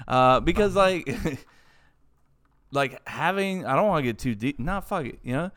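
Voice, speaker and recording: A young adult man, a father, co-hosting a casual podcast with crude jokes and animated talk. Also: on the high side, measured pace, no room sound. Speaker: podcast co-host.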